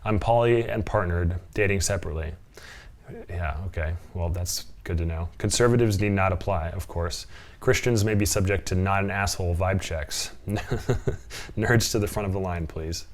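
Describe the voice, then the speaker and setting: A man's voice: sits low, moderate pace. A man reading dating profiles aloud and mocking them sarcastically with frequent chuckles, in a casual reaction vlog. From from Portland area.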